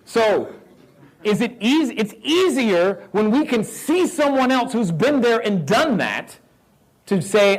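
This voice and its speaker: Energetic man with a Southern accent. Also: high-pitched, slow. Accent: Southern American. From North Carolina roots. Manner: energetic, asks the crowd questions, repeats key lines. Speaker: real estate speaker. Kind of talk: live motivational talk.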